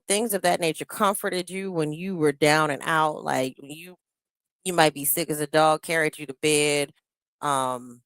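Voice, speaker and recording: A woman's voice: lowish voice, dry recording, clean studio sound. A woman hosting a live-stream reaction, talking casually and bluntly, cussing and greeting viewers in the chat.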